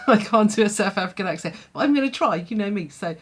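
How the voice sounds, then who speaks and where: A woman's voice: medium pitch, fast talker, few pauses, slightly rough. Chatty woman telling a story. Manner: chatty, laughs often, many fillers. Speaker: vlogger. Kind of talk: storytime vlog.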